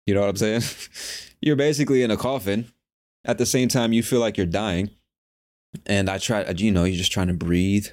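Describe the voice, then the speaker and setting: A man's voice: on the low side, fairly even intonation, brisk, a little mellow. A man hosting a podcast, telling a personal story in a candid, profane way and laughing at himself. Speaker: podcast host. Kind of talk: casual storytelling monologue.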